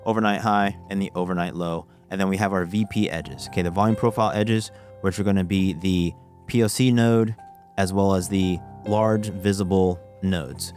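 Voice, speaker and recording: A man's voice: sits low, steady tone, normal speed, a little mellow, soft background music. A man giving a casual screen-share trading lesson, walking through a chart and often saying "okay" as he restarts phrases. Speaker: trading educator.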